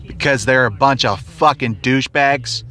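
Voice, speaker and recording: A man with a mid-range, sharp-toned voice speaks at a moderate pace, hosting a podcast while driving his car. His profane monologue is an angry, sarcastic rant with nonstop cursing, and faint road and traffic noise sits in the background.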